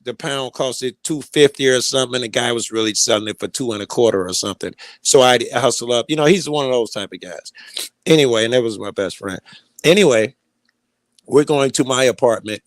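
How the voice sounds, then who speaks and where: A man spins a rambling, profanity-laced story in casual conversation, stumbling through fillers and restarts. His voice sits at a middling pitch. The sound is dry and close. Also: no room sound.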